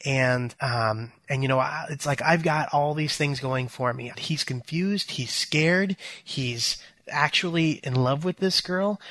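Man, podcast co-host, earnest, animated, casual film talk, dry recording. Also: medium pitch, no room sound.

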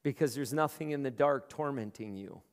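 A man's voice: mid-range voice, normal speed. A male pastor preaching a conversational sermon, often repeating words as he starts his phrases. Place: large room. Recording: long hall reverb.

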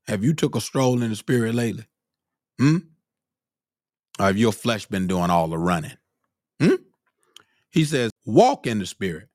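A man's voice: on the low side, sing-song, normal speed, long pauses, a little mellow, no echo, clean studio sound. A man preaching a sermon, quoting scripture in old wording and punctuating his points with "hmm?" and "huh?", his voice climbing into cries of glory.

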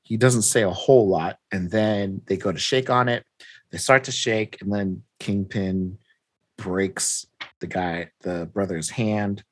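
Man, casual chat, animated storyteller, lowish voice, dry close sound. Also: measured pace, dry recording. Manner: animated retelling, acting out characters' lines, laughs often. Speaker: comic book recapper.

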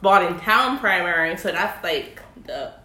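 A woman's voice: on the low side, lively intonation, a little slow, pushed and bright. A young Caymanian woman chatting casually as a podcast co-host, with lots of fillers and likes. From Cayman Islands. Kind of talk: casual chat. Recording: echoey room.

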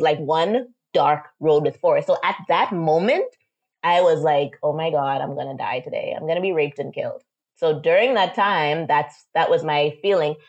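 A young woman from the Bahamas telling a personal story as an interview guest, animated and acting out quotes. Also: lowish voice, lo-fi sound. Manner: animated, acts out quotes, frequent "like".

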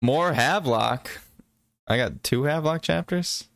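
A man's voice: fairly high pitch, unhurried, gravelly, a bit bright, dry recording. A man co-hosting a casual book podcast, teasing his partner with dry jokes. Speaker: podcast co-host.

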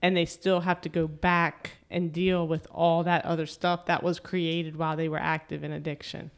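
A middle-aged woman hosting a podcast, talking in a steady, sincere, plain-spoken way. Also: sits low, normal speed. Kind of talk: casual conversation.

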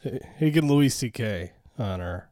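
A man co-hosting a movie podcast, recapping scenes in loose, profane chat. His pitch swings widely as he tells the story. The sound is dry and close, with no room echo. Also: unhurried. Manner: laughing, profane, animated retelling. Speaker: podcast co-host.

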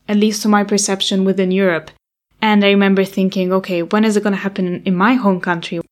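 A young woman tells a personal story straight to the camera. She talks openly and candidly, sometimes with an anxious edge as she recalls old worries. Her pitch sits in a middle range. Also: a little mellow. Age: young adult.

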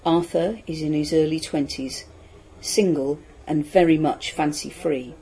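A narrator with a dark, mellow tone and a slightly husky edge reads a scripted book summary. The delivery is plain and informative, at a middling pitch. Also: a little slow, low-quality recording.

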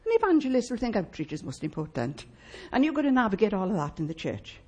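Woman pastor, husky, lively, emphatic sermon delivery with rhetorical questions. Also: medium pitch, fast. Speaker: preacher. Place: church.

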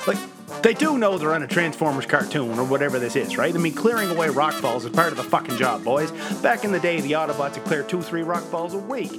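A man co-hosting a podcast, wryly recapping a cartoon with sarcastic asides and quick voiced quotes. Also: fairly high pitch, expressive, over music. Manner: wry, sarcastic, quick impressions. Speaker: podcast co-host. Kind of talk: casual recap chat.

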